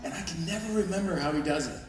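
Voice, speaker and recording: A man telling lively anecdotes on a convention panel and acting out the other voices in his stories. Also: fairly high pitch, very fast. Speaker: panel guest actor. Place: large convention hall with an audience. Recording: echoey hall recording from far off with crowd noise.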